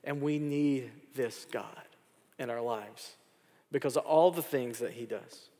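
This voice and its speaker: A man preaching from the pulpit, leaning on repeated phrases and rising emphasis. His mid-pitched voice rings out with a long reverb tail, as if carried through a large hall. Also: a little slow. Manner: preaching with repetition and rising emphasis, then soft prayer. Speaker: pastor. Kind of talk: sermon.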